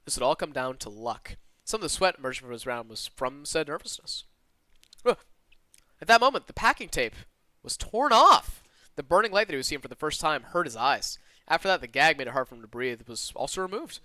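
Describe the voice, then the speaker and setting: Lively streamer with a slight Southern twang. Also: male voice, fairly high pitch, dry recording. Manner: animated and expressive, with quick asides to chat. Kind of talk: reading a visual novel aloud with live asides. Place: alone in his own room.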